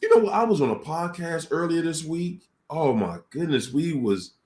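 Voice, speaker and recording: A man giving a casual motivational talk to a room, telling stories in colloquial, animated speech. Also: a little high, normal speed.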